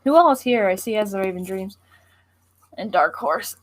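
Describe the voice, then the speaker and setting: A woman's voice: mid-range voice, expressive, normal speed. A young woman filling in on a casual livestream, chatting in a playful, teasing way. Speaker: streamer's girlfriend.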